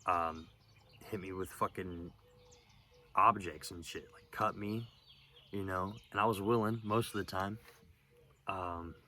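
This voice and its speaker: A young man telling a personal story in a rambling, profane, halting way, with lots of fillers, outdoors. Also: low-pitched, fairly even intonation, pushed and bright, a little hiss or hum. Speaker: vlogger. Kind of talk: casual storytelling monologue.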